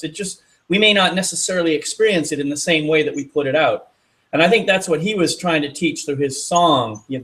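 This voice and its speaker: A man hosting a casual talk show, relaxed and rambling, with fillers and restarts. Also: on the high side. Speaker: host. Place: outdoors in a city at dusk.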